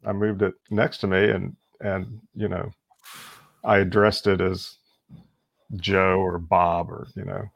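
Low-voiced rambling man, dry close sound. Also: level tone, creaky, dry recording. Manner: rambling, halting storytelling with many fillers. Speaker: podcast co-host. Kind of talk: casual chat.

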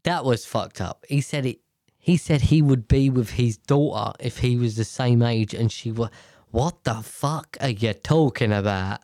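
A man's voice: mid-range voice, unhurried, dark tone, no room sound, studio quality. A man giving a blunt, profane, rambling rant about politics.

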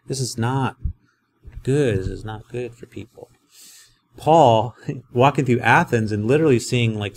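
A man teaching a Greek lesson as a professor, explaining in a conversational, animated way. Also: medium pitch, slight background noise.

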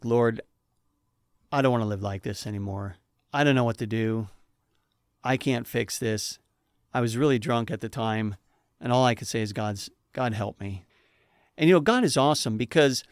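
A man's voice: medium pitch, clean tone, no echo, studio quality. Earnest man giving a spoken testimony. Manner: earnest, emotional, preacher-like emphasis. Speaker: speaker giving a personal testimony. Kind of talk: personal testimony talk.

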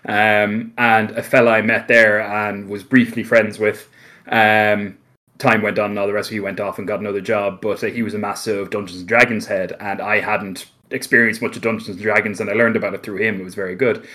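Irish guy, light carlow accent, lowish voice, laid back rambling with lots of ums, podcast guest. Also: brisk. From Ireland. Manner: relaxed, rambling, many fillers and restarts. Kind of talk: casual conversation.

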